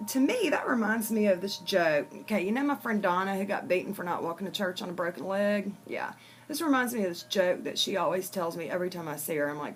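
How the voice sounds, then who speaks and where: A woman's voice: mid-range voice, lively intonation, fairly quick, slight background noise. A woman vlogging in a chatty, blunt way, telling a joke and talking casually to her viewers. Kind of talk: casual storytelling chat.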